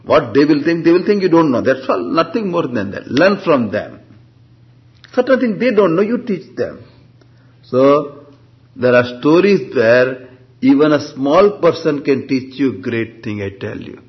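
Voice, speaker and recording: A man's voice: on the high side, very animated. A man gives a classroom scripture lecture in a slightly raised voice. He keeps throwing rhetorical questions at the class and answering them himself. The lecture recording sounds dull and lo-fi. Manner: slow, deliberate reading of Sanskrit terms. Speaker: Vedanta and Sanskrit teacher.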